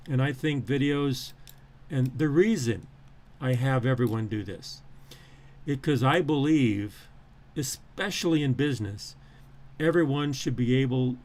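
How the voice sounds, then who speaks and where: A male professor going over his syllabus on a live stream, with a voice that sits at an ordinary middle pitch. He rambles, restarts sentences, fills gaps with "uh" and "um", and repeats the same phrases for emphasis. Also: darkish tone. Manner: rambling with frequent fillers and restarts. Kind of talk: live-streamed lecture walking through a syllabus.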